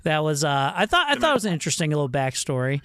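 A man's voice: on the high side, very animated, quick pace, pushed and bright, clear, resonant tone. A man hosting a casual movie discussion podcast, loose and chatty, laughing often and swearing casually.

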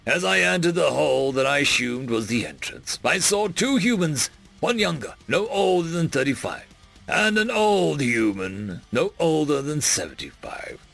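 Expressive gravelly male story reader. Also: a little high, unhurried, soft background music. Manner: expressive, dramatic reading. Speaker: story narrator. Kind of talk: scripted story reading.

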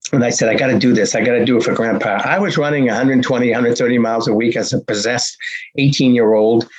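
Older man from the Boston area telling his story as a guest: punchy, repetitive, slightly raspy. Recording is muffled and lo-fi. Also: mid-range voice, steady tone, fast. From Boston area, USA. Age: 60s. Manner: acts out dialogue, punchy repetitions. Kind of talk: animated storytelling. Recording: dull lo-fi recording.

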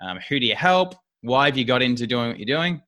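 A man's voice: medium pitch, animated, brisk, pushed and bright. A man hosting a podcast, chatty and upbeat with many fillers. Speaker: podcast host. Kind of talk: casual podcast interview.

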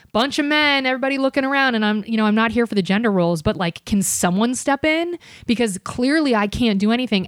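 A young woman on a podcast, telling a story in a casual, animated way, swearing and acting out the voices of other people. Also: mid-range voice, dry recording, studio quality. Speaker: comedian and podcast guest.

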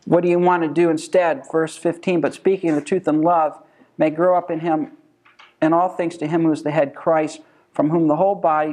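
A man's voice: fairly high pitch, a little mellow. A man teaching a church Bible class, emphatic and full of rhetorical questions.

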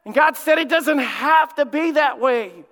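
A male lead pastor preaching a sermon, emphatic, with dramatic pauses and repetition. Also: very high-pitched, a bit bright, long reverb tail. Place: church sanctuary.

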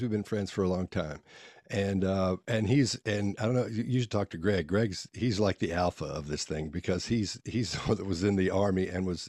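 A man's voice: sits low, a little mellow, no room sound, studio quality. A man being interviewed as a guest, telling stories in a folksy, rambling way and often restarting his sentences. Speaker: podcast guest, body language expert. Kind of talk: casual storytelling interview.

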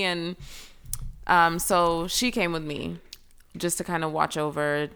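A young woman telling a personal story as a guest in a casual chat, full of fillers and lively retelling. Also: on the low side, moderate pace, clean tone. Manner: chatty, filler-heavy, animated retelling.

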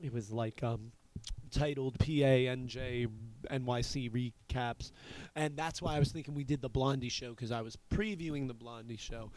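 A man's voice: medium pitch, normal speed, darkish tone. A man in his thirties hosting a podcast, telling a rambling, profane story in casual chat. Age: 30s. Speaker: podcast host.

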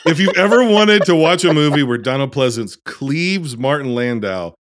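A man's voice: a little high, animated, moderate pace, background noise. A man hosting a casual film discussion podcast, wry and joking. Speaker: podcast host.

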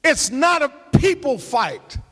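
A man preaching a sermon as pastor, calling out to the congregation and rising into shouts and half-sung lines. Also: extremely high pitch, big pitch swings, slow pace, big-room sound. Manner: call-and-response preaching, shouting and half-singing. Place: church sanctuary.

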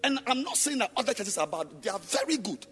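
A man preaching a sermon in a church on a microphone, emphatic and rhetorical, firing repeated questions at the congregation and swinging between loud sing-song chanting and low murmurs. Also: big pitch swings, fast talker, soft background music. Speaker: pastor.

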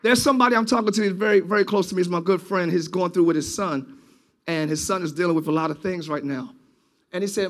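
Man preaching in church, very high voice, shouting then hushed, sermon to a congregation. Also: fast talker. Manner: preaching, swings from shouting to quiet intimate talk. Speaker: pastor.

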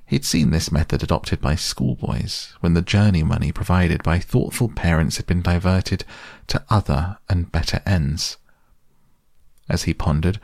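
Male storybook narrator: very low, gravelly, measured and expressive. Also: dry recording, clean studio sound.

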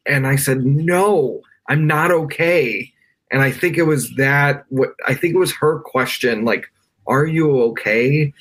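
A man's voice: medium pitch, moderate pace, fairly bright tone. A man from the United States, a podcast guest, telling a personal story from his bedroom over a video call, with lots of fillers and restarts. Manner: emotional, many fillers and restarts. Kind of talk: conversational storytelling.

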